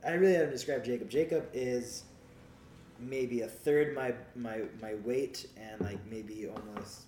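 A man's voice: mid-range voice, measured pace, a little mellow, a little hiss or hum. A man casually telling a rambling, profane story, laughing as he goes. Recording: roomy sound with faint background ambience.

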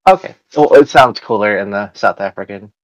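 A man's voice: on the low side, a little fast, no echo, poor audio. Chatty American man hosting a podcast. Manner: chatty and rambling, with many fillers and restarts. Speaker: podcast host. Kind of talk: casual podcast chat.

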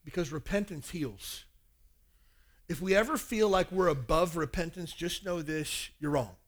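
A man's voice: fairly high pitch, unhurried. A man in his forties preaching a sermon on parenting, telling a personal story and acting out family dialogue. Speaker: pastor.

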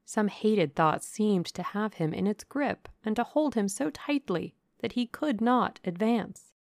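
A woman narrating a classic novel as an audiobook, in a measured, deliberate reading. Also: mid-range voice, animated, darkish tone, no echo, studio quality.

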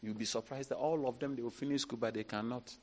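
A man, a bishop preaching a sermon, who swings from low, quiet asides up to laughing shouts. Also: fast, a little hiss or hum. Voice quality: animated, rising to shouts and laughter. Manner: preaching with call-outs and acted quotes. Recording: long reverb in a large hall.

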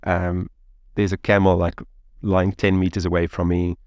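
A man, a guest telling a story in an interview, rambling and animated with lots of fillers like "like" and "you know". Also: low-pitched, moderate pace, smooth, no room sound, clean studio sound.

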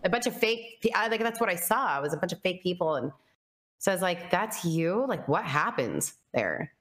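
A woman's voice: on the low side, big pitch swings, a little fast, a bit bright. A woman telling her personal story in casual conversation, chatty and earnest, full of fillers and quoted thoughts. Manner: earnest and reflective.

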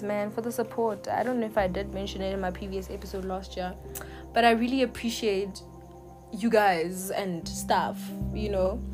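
A woman hosting a podcast, giving an earnest, encouraging devotional message in unhurried phrases with pauses. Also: medium pitch.

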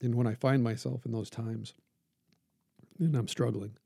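Male preacher, gravelly and dark-toned, measured sermon reading with building emphasis. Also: mid-range voice, fairly even intonation, no room sound. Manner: measured and earnest, halting pauses, rising emphasis when reading. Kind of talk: podcast reflection and sermon reading.

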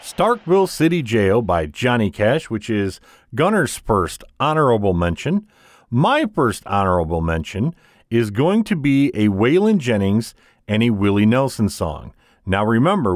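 A male co-host introduces songs in a chatty way, his low voice rising and falling a lot. The sound is close and dry, with no room echo. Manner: chatty, gives listeners hints. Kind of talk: radio-style music show hosting.

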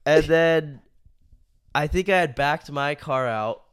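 A man's voice: fairly high pitch, slow, smooth, no room sound, studio quality. Laughing, profane young man. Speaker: podcast co-host. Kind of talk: casual chat.

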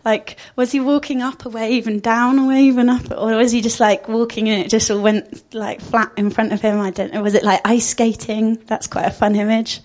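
A woman's voice: a little high, flat delivery, normal speed, hardly any pauses, darkish tone. Conversational woman preaching. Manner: conversational, thinking aloud with fillers. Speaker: speaker giving a church talk. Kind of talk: informal sermon.

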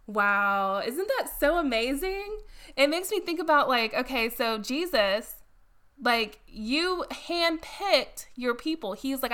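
A woman's voice: on the high side, lively intonation, slow pace, bright, forceful tone, clear, resonant tone. A woman hosting a Bible study, reading scripture aloud and talking about it in a casual, chatty way. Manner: casual and chatty, with laughs and exclamations. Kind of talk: Bible reading and devotional talk.

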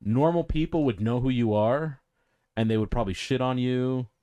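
A man's voice: mid-range voice, normal speed, dark tone, clean tone, no echo, muffled recording. A man on a casual podcast, trading dry quips and reasoning things through at length. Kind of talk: casual chat.

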